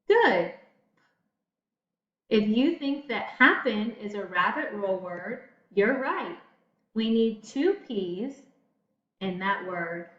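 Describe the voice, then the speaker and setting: Slow, encouraging woman teacher. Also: mid-range voice, fairly bright tone. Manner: slow, encouraging teacher talk to young students. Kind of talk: recorded classroom lesson. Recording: echoey room, dull lo-fi audio.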